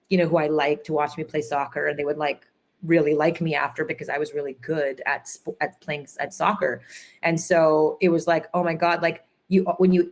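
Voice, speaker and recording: A woman entrepreneur telling stories in a conference interview, acting out quotes with many "like"s and fillers. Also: sits low. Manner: animated storyteller, acts out quotes, many fillers. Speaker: entrepreneur guest.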